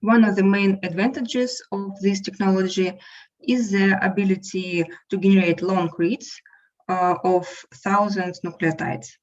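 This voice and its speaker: A woman's voice: medium pitch, fairly even intonation, unhurried, a little mellow. A woman instructor giving a prepared lecture over a remote call, reading steadily with small fillers. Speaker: instructor and invited speaker. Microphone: remote call without camera. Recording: muffled lo-fi call audio.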